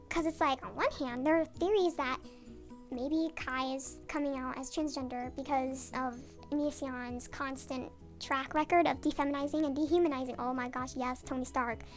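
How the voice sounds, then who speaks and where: Late at night in her bathroom, a young woman YouTuber rants sarcastically in a vlog, rambling off-topic with swearing and mock outrage. Her voice is digitally sped up and pitched up, moving at normal speed over soft background music.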